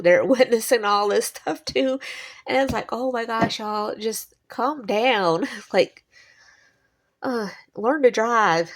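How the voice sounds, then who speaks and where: A woman, chatting in a rambling personal monologue and laughing between thoughts. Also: mid-range voice. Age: 40s. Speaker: vlogger.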